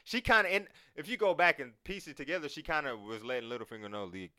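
A man in casual chat, talking in an animated, profane way and acting out quotes. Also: on the high side, fast, dry recording, clean studio sound.

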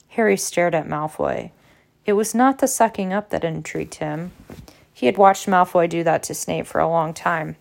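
Woman reading a novel aloud, steady, a bit of fry. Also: fairly low pitch, moderate pace. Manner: steady reading with small slips. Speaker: audiobook reader. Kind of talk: book narration.

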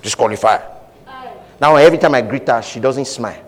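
Animated preacher in an echoing hall. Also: male voice, medium pitch, fast. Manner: animated preaching, acting out voices, frequent laughter. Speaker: pastor. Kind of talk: sermon.

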